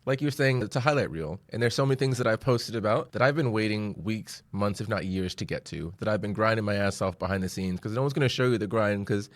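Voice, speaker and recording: Fast-talking man, dry sound. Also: lowish voice, no echo. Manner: reflective, upbeat. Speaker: podcast co-host. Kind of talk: casual podcast chat.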